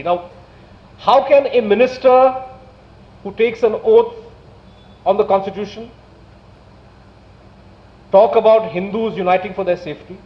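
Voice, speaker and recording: At a public lecture in a large hall, a man with an Indian English accent and fairly high, steady voice builds his points through pointed rhetorical questions, sounding indignant yet measured in his emphasis. The audio is dull and lo-fi, echoing around the room.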